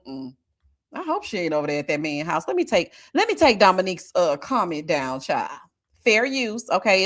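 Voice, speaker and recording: Animated chatty woman hosting a live stream. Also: mid-range voice. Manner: animated, laughs often, drawn-out murmurs of agreement; chatty, talks straight to viewers. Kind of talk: casual live-stream commentary reading chat comments.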